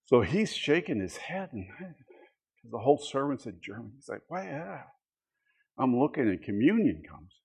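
A man's voice: mid-range voice, big pitch swings, moderate pace, a little mellow, slightly rough. A middle-aged man teaching a church history class in a conversational way, mixing reading with personal anecdotes and asides.

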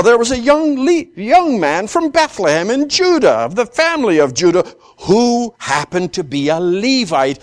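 A man teaching through a scripture passage, acting out the characters' lines and often repeating words while thinking aloud. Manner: animated, acts out the characters' lines with rising pitch. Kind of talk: expository Bible teaching.

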